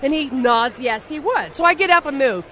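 High-voiced woman telling blunt stories. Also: normal speed. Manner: blunt, animated, profane, with frequent restarts. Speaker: interview guest, novelist. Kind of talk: casual anecdotal storytelling.

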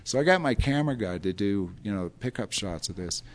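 An older man, a film historian, telling long casual anecdotes in a rambling, animated way, acting out quotes and laughing often. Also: lowish voice, fairly quick.

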